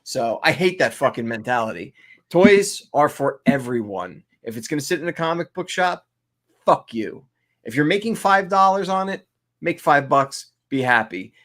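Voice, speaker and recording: A man's voice: fairly high pitch, expressive, normal speed, a bit bright. A man co-hosting a casual chat, ranting and swearing freely. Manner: profane, ranting. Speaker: co-host.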